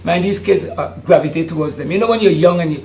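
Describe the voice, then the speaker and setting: A man's voice: on the high side, fast, creaky, a little mellow, a little hiss or hum. An older man, chatting in an interview about the youth sports camp he runs, with many hesitant ums. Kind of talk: casual interview. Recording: roomy studio sound.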